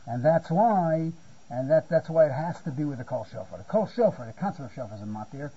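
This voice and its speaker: A man's voice: on the high side, animated, a little fast, mellow, breathy edge, highs cut off. A man giving a Torah lecture, often repeating words and checking "you see?". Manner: repeats words while searching for phrasing, asks "you see?". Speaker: Talmud teacher.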